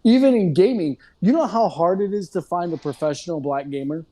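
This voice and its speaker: Laid back host voice, dark and mellow, blunt and quick to laugh. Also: mid-range voice, animated. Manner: laughs often, frank and blunt. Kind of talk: casual discussion.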